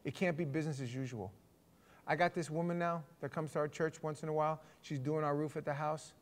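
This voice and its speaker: Higher-voiced man leading a casual Bible talk. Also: steady tone, fairly quick. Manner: conversational, restarts, asks the group questions. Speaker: Bible study leader. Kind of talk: casual church teaching.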